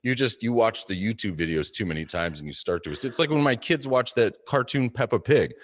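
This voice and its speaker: A very low-voiced American man talks through ideas in a relaxed panel chat. He hedges and circles back, then gets animated when he presses a point. The sound is dry and close. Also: fairly quick, no room sound. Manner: thoughtful, hedging, animated when making a point. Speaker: co-host. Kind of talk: casual panel discussion.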